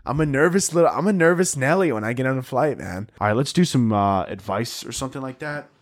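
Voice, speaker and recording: A man hosting a comedy podcast, telling rambling, profane, self-mocking stories full of restarts and sudden excited yells. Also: fast, no room sound, studio quality. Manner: jumps into high excited yells for comic panic. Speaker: podcast host.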